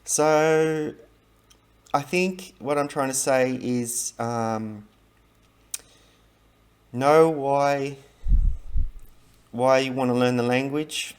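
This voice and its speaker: A man's voice: medium pitch, fairly even intonation, extremely slow, pauses often, smooth. A middle-aged man talking casually to camera about learning languages, chatty and rambling, with many fillers and restarts.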